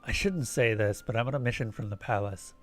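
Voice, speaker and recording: A man's voice: medium pitch, fairly quick, faint music behind. A male streamer reading video game narration aloud, switching to casual asides about his play.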